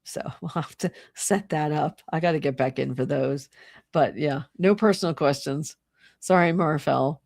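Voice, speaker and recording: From her home, beside a burning fire, a middle-aged woman with a medium-pitched voice hosts a livestream of casual political ranting. Exasperated, she laughs a lot and imitates people in mocking voices. The sound is dry and studio quality.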